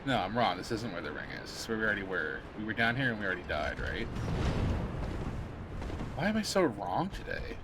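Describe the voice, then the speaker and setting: A man with a fairly low voice rambles in casual chat while he plays a game on stream, full of jokey asides and filler words. Game noise with gunfire and engines rumbles clearly behind him. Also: very animated, fairly quick, pauses often.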